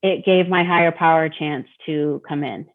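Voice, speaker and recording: A woman's voice: low-pitched, normal speed. A middle-aged woman from Detroit, a guest speaking candidly about recovery, who repeats words and acts out her own thoughts. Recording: tinny phone-like sound.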